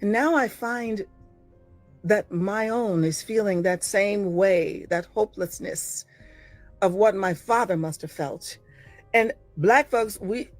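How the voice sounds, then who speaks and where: An older American actress giving a blunt, profane, impassioned monologue to her followers, swinging from low murmurs to loud exclamations. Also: slow pace, dry recording, faint music behind. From United States.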